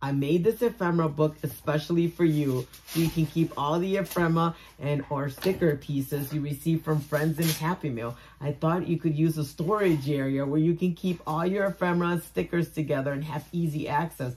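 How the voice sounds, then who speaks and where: A woman vlogging as she unboxes craft mail, gushing and exclaiming, repeating herself, and swinging from soft murmurs to loud squeals. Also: low voice, steady tone, normal speed, few pauses, slight background noise. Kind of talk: casual unboxing chat to camera.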